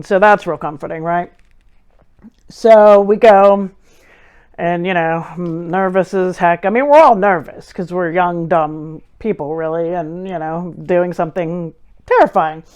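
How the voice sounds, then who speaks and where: A woman in her forties hosting a show, telling a personal story with wry, self-deprecating humor. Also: lowish voice. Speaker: host. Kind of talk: casual storytelling monologue.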